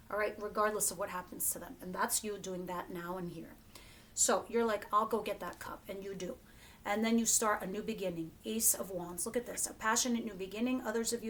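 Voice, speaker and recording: A woman's voice: fairly high pitch, fairly bright tone. A woman giving a casual tarot reading to her viewers, chatty and blunt, swearing freely and talking straight to them. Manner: addresses viewers directly. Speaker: tarot reader.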